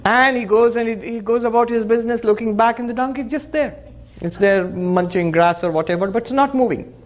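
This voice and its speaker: Animated high-voiced monk telling a story. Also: male voice, fairly quick, lo-fi sound. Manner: animated storyteller, acts out characters' lines, chants Sanskrit verse. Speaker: monk teaching Vedanta. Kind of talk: spiritual lecture with storytelling.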